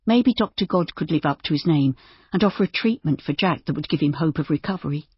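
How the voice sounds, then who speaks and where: Woman narrator, low husky voice, even and steady, dry slightly muffled sound. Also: fast, dry recording. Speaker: audiobook narrator. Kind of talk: scripted narration.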